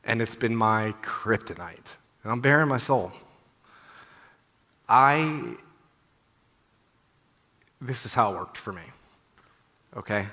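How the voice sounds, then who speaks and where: A man's voice: mid-range voice, animated, slow pace, long pauses, fairly bright tone. Candid man speaking in a reverberant hall. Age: 30s. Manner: candid, heartfelt, conversational with many "you know"s. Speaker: conference speaker. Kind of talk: personal testimony talk. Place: conference hall. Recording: long reverb of a large hall.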